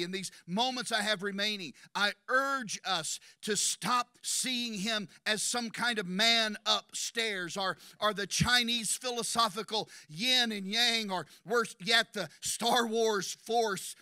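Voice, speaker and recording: A man preaching a sermon in a church, impassioned and building to shouts, racing through some phrases and slowing on others for emphasis. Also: high-pitched, no echo, studio quality. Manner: impassioned, rising to shouts at climaxes; rapid bursts of speech between slower emphatic phrases. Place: church sanctuary.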